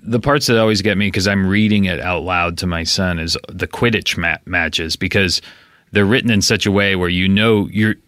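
Casting: lowish monotone man, halting and deadpan, crisp dry studio sound. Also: no room sound. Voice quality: slow, dull monotone. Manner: halting, full of fillers. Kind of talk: casual comedic chat.

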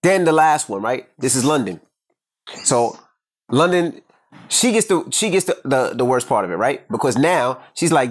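A man co-hosting a podcast, telling a home story in an animated, profane way. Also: medium pitch, moderate pace. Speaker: podcast co-host. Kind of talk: casual storytelling chat.

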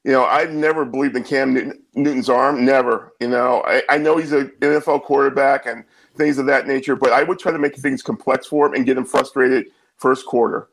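A man giving his take on football as a guest analyst, measured, with many fillers and repeats. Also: medium pitch, fairly even intonation, gravelly, low-quality recording. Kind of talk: casual sports talk.

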